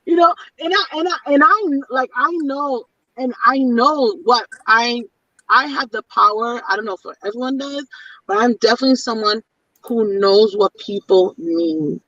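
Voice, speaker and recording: A woman's voice: fairly high pitch, normal speed, a bit bright, no room sound. Blunt, emphatic woman on a distant, muffled mic. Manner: blunt and emphatic, repeats her points. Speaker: panelist in a women's chat. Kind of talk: candid casual chat. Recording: distant, dull lo-fi audio.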